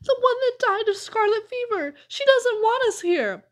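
A woman voicing a high, scared young boy. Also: moderate pace, close to an everyday voice.

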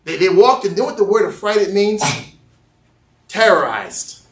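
A male pastor preaching a lively sermon, acting out voices and joking with the congregation. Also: high-pitched, a little slow, echoey room, far from the mic. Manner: animated, acts out voices, jokes with the congregation. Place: church sanctuary.

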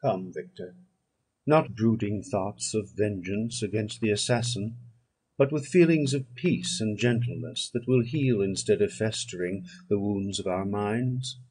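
Male audiobook narrator with a husky voice and a measured, solemn delivery. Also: on the low side, darkish tone. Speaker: audiobook reader.

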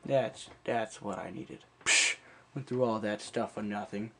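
A man's voice: fairly low pitch, unhurried, gravelly, pushed and bright, soft background music. Rambling, playful gameplay commentator, a man. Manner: rambling, playful, jokes around in put-on accents. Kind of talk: casual let's-play commentary.

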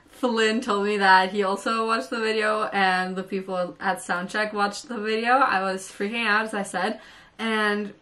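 A young woman spills an excited storytime vlog, gushing, giggling and tripping over her words. Her voice sits at an ordinary middle pitch for a woman. She is a little far from the mic. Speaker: vlogger.

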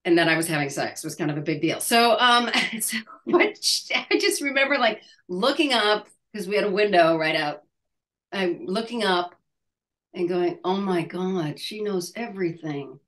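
A woman in her sixties being interviewed, who talks haltingly, hunts for her words and laughs between thoughts. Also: medium pitch, expressive, fairly bright tone. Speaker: actress, interview guest. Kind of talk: casual interview chat.

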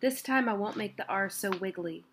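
A woman's voice: medium pitch, moderate pace, a bit bright, a little hiss or hum, lightly acted. A woman reading aloud and voicing a timid little girl who pleads eagerly.

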